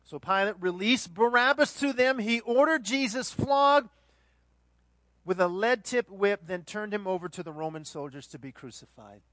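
A man preaching a sermon, moving between hushed reflection and loud, dramatic retelling of the scene. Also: high voice, expressive, moderate pace, no room sound. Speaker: pastor.

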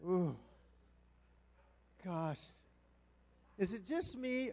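A middle-aged male pastor telling a humorous story in a sermon, animated and self-mocking, acting out what people said. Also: on the high side.

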